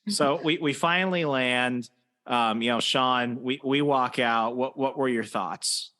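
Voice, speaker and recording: A man's voice: medium pitch, measured pace, sharp tone. Rambling man hosting a casual podcast. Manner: rambling storyteller, many fillers and restarts. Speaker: podcast host. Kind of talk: casual chat.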